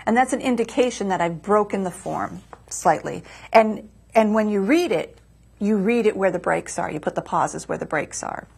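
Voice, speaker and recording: A woman's voice: medium pitch, normal speed, creaky, darkish tone, slightly rough. A woman poet on a community TV show, reading her poem aloud and patiently explaining verse form in a studio. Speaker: poet and guest author.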